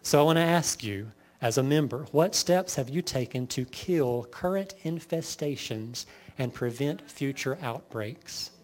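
A man preaching a sermon, firing off lists and rhetorical questions to his congregation. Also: mid-range voice. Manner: lively preaching, lists sins in rapid bursts, rhetorical questions. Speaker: pastor.

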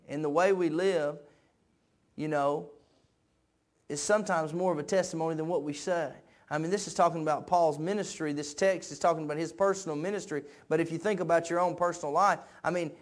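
Delivering a sermon, a male pastor shifts between quiet, conversational speech and shouted peaks, repeating phrases in a preacher's rhythm. His voice is a little high.

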